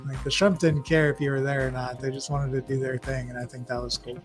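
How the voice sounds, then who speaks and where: A man's voice: medium pitch, level tone, quick pace, music in the background. A young man, a guest on a livestream, chatting casually and telling rambling stories with acted-out quotes. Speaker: guest shrimp breeder.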